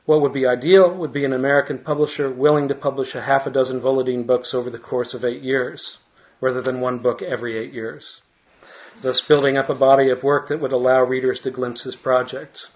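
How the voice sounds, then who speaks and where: A man's voice: medium pitch, flat delivery, brisk, highs cut off. A man who translates literature, reading a paper aloud and adding hesitant, restarting asides in an academic manner. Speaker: literary translator giving a talk.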